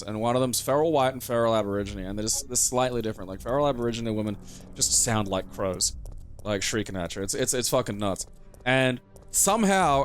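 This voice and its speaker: A young Australian man telling a rambling, profane anecdote in casual chat over a game playthrough, often laughing. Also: medium pitch. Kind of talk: casual let's-play storytelling.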